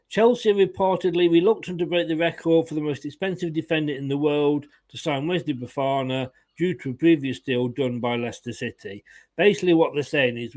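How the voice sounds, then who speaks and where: A man hosting a casual football fan live stream, chatty and opinionated, often laughing as he greets viewers. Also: on the high side.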